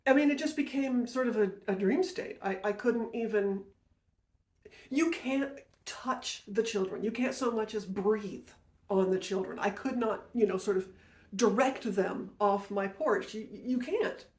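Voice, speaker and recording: A woman's voice: mid-range voice, a little slow, darkish tone. A woman podcast host telling a personal story in a casual, rambling way, often correcting herself and going off on asides. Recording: roomy echo.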